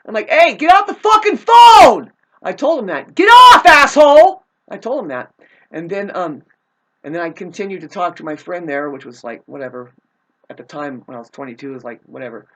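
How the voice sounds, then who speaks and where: A woman's voice: low voice, quick pace. Woman, agitated rant, swears a lot, rambling, restarts sentences. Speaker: vlogger telling a personal grievance. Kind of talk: casual rambling monologue.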